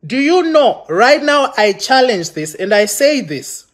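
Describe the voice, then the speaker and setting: A man with a notably high voice delivers a heated livestream rant. He sounds accusing and impassioned, and he trips over his words and restarts often as he addresses his viewers. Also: very animated, unhurried, a bit bright. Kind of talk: live-streamed rant to viewers. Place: London.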